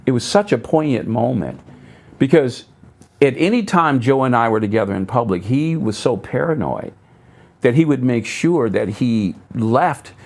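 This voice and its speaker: With noticeable vocal fry, a middle-aged pastor guests on a talk show in a local public access TV studio, telling stories conversationally. He acts out what others said in sudden higher tones, sinking low whenever he makes an aside, and stays animated.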